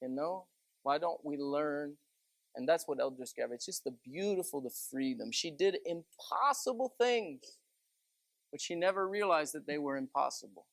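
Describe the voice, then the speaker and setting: A man's voice: fairly high pitch, animated, normal speed, gravelly, dry recording. A man giving a chatty, conversational sermon full of stories and asides. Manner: folksy, chatty, many asides of "you know". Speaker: preacher.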